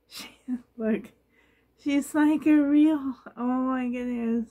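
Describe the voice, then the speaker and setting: Slow, gushing woman rambling on camera. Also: high voice, steady tone, warm tone. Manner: rambling, gushing, laughs often. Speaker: doll collector vlogger. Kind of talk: casual rambling vlog chat. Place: home nursery.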